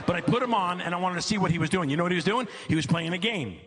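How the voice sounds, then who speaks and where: A middle-aged man doing stand-up comedy on stage, telling a long story with repeated phrases and mounting exasperation. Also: very fast. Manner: animated storyteller, repeats phrases for comic effect, climbs high when exasperated. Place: comedy stage before a live audience.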